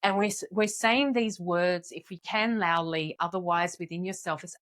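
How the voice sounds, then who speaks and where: A woman in her forties, a confidence coach, calmly and encouragingly guiding listeners step by step through an exercise. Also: lowish voice, moderate pace, hardly any pauses. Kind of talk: guided exercise instruction.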